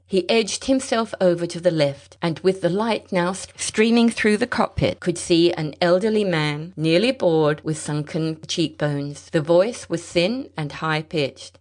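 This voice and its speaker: A woman narrating a story in a measured, expressive way. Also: lowish voice. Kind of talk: storybook reading.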